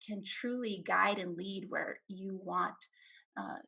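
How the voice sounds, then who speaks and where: A woman's voice: medium pitch, slow pace, vocal fry, sharp tone, husky. A woman co-hosting a relationship coaching talk, explaining reflectively.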